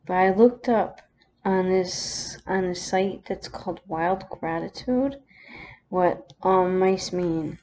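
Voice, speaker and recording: A woman vlogger telling a personal story, close to tears, halting with many pauses and restarts. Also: on the low side, mellow, slight background noise.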